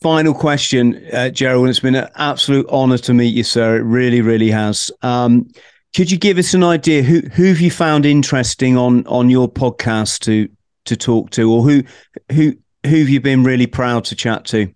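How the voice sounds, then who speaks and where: A man's voice: medium pitch, normal speed, a little mellow, clean tone, dry recording, clean studio sound. A man hosting a podcast interview, asking questions politely and deferentially, with hesitations and fillers. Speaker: podcast host.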